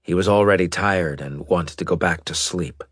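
A man reading a novel aloud as narrator in a measured, deliberate way. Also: low-pitched, a bit bright, husky, dry recording, studio quality. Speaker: audiobook narrator. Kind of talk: scripted narration.

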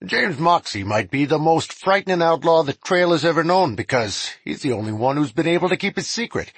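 A man doing a brash, excitable frontier deputy. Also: on the high side, brisk, husky, dry recording, pitched above the performer's own voice.

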